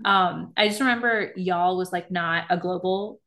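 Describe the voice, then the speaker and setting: A woman's voice: fairly low pitch, moderate pace, sharp tone. Brief: woman in her 30s from Virginia, podcast host, chatty, laughs a lot, mimics others in her stories. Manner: laughs often, acts out quoted people. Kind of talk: casual chat.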